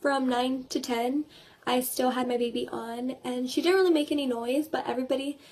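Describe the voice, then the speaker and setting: A woman's voice: sits high, steady tone, normal speed, a little mellow. A teenage girl chatting in a casual video diary, retelling her day with quoted voices and laughs. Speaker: vlogger.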